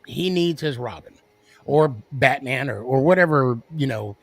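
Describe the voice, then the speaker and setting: A man hosting a podcast in casual sports chat, talking in an excitable way and stammering through restarts as he gets fired up. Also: mid-range voice, measured pace, no echo. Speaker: podcast host.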